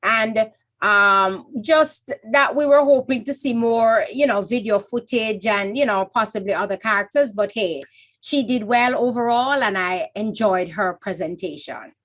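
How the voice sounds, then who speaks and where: A woman's voice: fairly high pitch, measured pace, fairly bright tone. A woman judging a live poetry competition, giving chatty, encouraging feedback with small slips. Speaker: competition judge. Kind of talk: live judge's critique.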